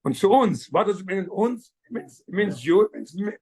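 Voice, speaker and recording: High-pitched fast-talking male rabbi. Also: husky. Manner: rapid, animated, switching languages mid-sentence. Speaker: rabbi teaching a class. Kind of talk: Torah class, mixing English and Yiddish.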